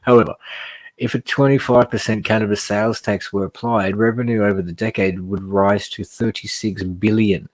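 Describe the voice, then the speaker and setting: Fired-up man, low voice. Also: steady tone, normal speed. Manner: passionate, rambling, fired-up. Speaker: podcast host. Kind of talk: casual commentary reading news aloud.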